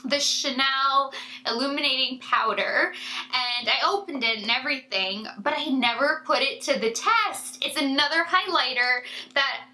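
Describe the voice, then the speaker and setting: A woman's voice: sits high, unhurried, bright, forceful tone, low-quality recording. A woman beauty vlogger chatting casually to her viewers in a rambling way, with many fillers and asides. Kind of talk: casual chat to camera.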